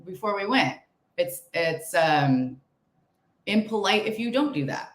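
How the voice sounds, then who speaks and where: A woman's voice: mid-range voice, expressive, measured pace, reverberant. A middle-aged woman co-hosting a podcast, laid-back and wry in casual chat. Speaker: podcast co-host.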